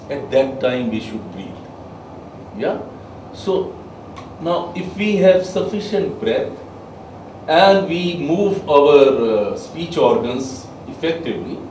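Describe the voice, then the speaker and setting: A man giving a soft skills lecture to a class, emphatic and quizzing his listeners. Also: on the high side, a little hiss or hum. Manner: emphatic, asks the class questions. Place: training room with a class. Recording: echoey room, mic far off.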